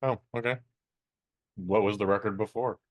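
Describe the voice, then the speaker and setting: A man's voice: on the low side, fairly even intonation, moderate pace, no echo. A man co-hosting a casual podcast, dry-humored and incredulous, playing devil's advocate. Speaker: podcast co-host.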